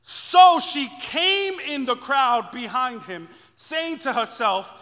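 High, bright-voiced preacher man in a hall. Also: lively intonation, slow pace. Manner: builds from quiet intensity to shouting climaxes, repeats phrases. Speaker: pastor. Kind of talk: sermon.

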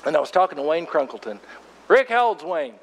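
A man's voice: a little high, very animated, brisk, big-room sound. An older man preaching a sermon as pastor, in a folksy, conversational storytelling way.

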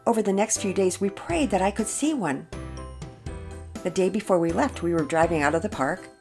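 An older woman, a grandmother, reading a children's story and chatting as host in a gentle, expressive way. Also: medium pitch, normal speed, faint music behind.

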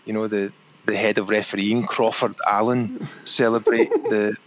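A Scottish man in his forties co-hosting a podcast, chatting in a halting way and often repeating words. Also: fairly low pitch, fairly even intonation, low-quality recording. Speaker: podcast co-host. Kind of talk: casual chat.

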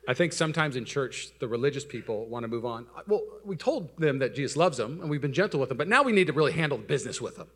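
A young adult man, a pastor giving a sermon in a self-mocking storytelling way that swings between loud excitement and soft, low asides. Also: fast talker, hardly any pauses.

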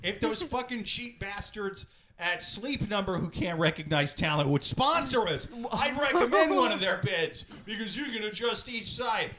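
A man hosting a live comedy talk show, reading viewer comments aloud and breaking into loud, swearing rants. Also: high-pitched, lively intonation, moderate pace, crowd noise. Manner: swearing, loud ranting bursts. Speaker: comedy podcast host.

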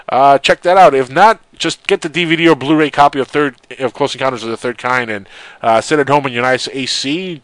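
A man's voice: medium pitch, smooth, no room sound. A man hosting a radio talk show, reading a news story aloud and mocking it with sarcastic asides. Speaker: radio host. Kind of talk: casual joking radio chat.

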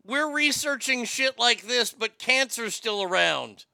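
A man's voice: very high-pitched, animated, a little slow, gravelly, bright, forceful tone, dry recording. A man giving a sarcastic, profane comedy rant about a news story and reading chat aloud.

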